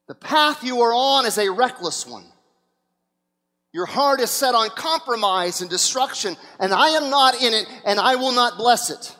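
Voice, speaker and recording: Impassioned high-voiced male preacher. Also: expressive, normal speed, sharp tone, big-room sound. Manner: impassioned, acts out scenes. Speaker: pastor. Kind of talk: sermon.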